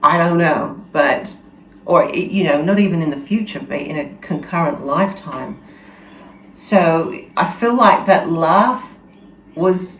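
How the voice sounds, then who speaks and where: Low-pitched woman host, earnest and halting storyteller, echoey room. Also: slight background noise. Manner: halting, earnest, full of restarts and fillers. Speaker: channel host. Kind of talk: personal storytelling monologue. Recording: roomy echo with faint ambience.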